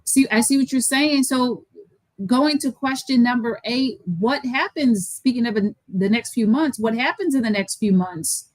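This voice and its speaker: Woman interviewer, slightly high voice, dry close sound, persistent and quick to cut in. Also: dry recording, low-quality recording. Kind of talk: reading listener questions.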